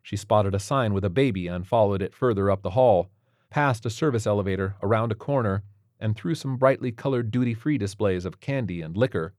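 A man narrating an audiobook in a steady, even storytelling manner. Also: lowish voice, fairly quick, dry recording, studio quality.

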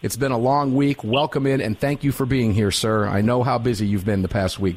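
A middle-aged man hosting a live talk radio show, energetic and folksy, sometimes drawing out words for emphasis. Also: medium pitch, fairly quick.

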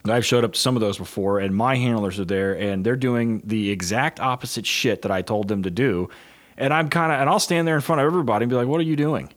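A man's voice: medium pitch, quick pace. A middle-aged man, a police dog handler trainer, telling blunt and profane stories in casual chat. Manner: blunt, profane, animated storytelling.

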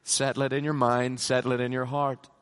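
A middle-aged man preaching a conference sermon, emphatic, swinging from loud passionate peaks down to low, quiet lines. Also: little pitch movement, a little fast, smooth. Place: large conference hall. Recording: long hall reverb.

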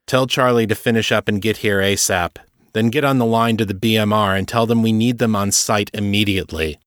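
A man voicing a stern, gruff male team leader who gives terse, commanding orders. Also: fairly low pitch, fairly quick, a bit bright, no echo, studio quality, natural voice.

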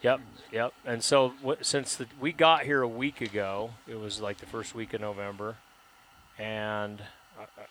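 A middle-aged man at a hunting camp, telling a story in a casual, animated way and laughing often. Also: on the low side, measured pace, slight background noise.

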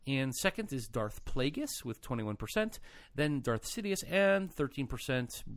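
A man hosting a casual podcast, his voice bright and forward as he jokes through the news with a playful, quick delivery. He leans on fillers like um and uh, and the sound is close and dry, with no room around it. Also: on the high side, no room sound. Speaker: podcast host.

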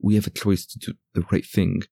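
Male player doing an earnest young character, deep voice kept low and reassuring, tabletop game, dry close mic. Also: little pitch movement, brisk, vocal fry, slightly rough, no room sound, exaggerated voice. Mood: determined. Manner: softly lowered, reassuring delivery. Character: earnest young person, quietly determined.

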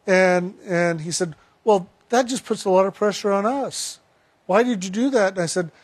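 High-voiced man telling a sermon story. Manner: storytelling with retold dialogue; slow and reflective.

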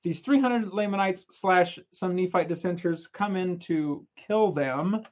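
Chatty young guy running a scripture study, kinda high voice, slightly muffled sound. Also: measured pace. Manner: energetic, chatty, playful retelling. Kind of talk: casual scripture lesson.

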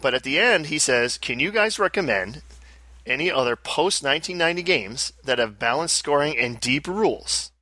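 A man's voice: a little high, expressive, moderate pace, pushed and bright, no echo. A man co-hosting a podcast, chatting casually and restarting phrases as he explains things. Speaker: podcast co-host. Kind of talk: casual chat.

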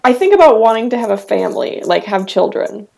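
A woman's voice: medium pitch, sing-song, fairly quick, creaky, darkish tone. Hesitant young woman, rambling podcast talk. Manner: rambling, hesitant, lots of ums. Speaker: podcast co-host. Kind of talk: casual group chat.

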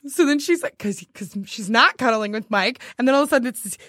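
A hoarse woman with a slightly high voice chats casually and recounts a story with plenty of animation, acting out every scene as she goes. The sound is dry and close. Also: quick pace, dry recording. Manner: animated storyteller, acts out scenes, laughs often. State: hoarse from lack of sleep. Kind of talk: casual chat.

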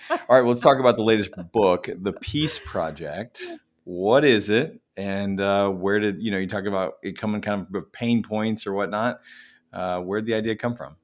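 A woman hosting a podcast who asks loose, quick questions full of fillers. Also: a bass voice. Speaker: podcast host. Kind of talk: casual interview questions.

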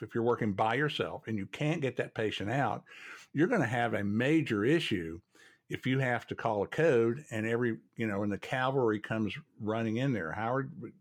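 A man, a podcast host telling folksy stories from his work in radiology. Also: medium pitch. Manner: folksy, storytelling, chatty. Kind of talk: casual chat.

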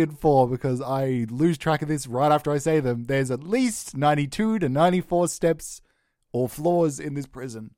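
A man hosting a comedy podcast, improvising a bit in a theatrical, overwrought way. His voice drops to a hushed mumble, then leaps into a high, mock-tearful wail. The sound is close and dry, with no room echo. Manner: melodramatic, swings between hushed mumbling and high mock-crying.

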